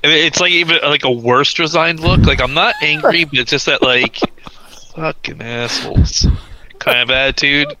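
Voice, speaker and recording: A man's voice: fairly high pitch, brisk, few pauses, noisy background. A man playing a tabletop roleplaying game, describing his character's actions in a rambling way with many "like" fillers. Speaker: player.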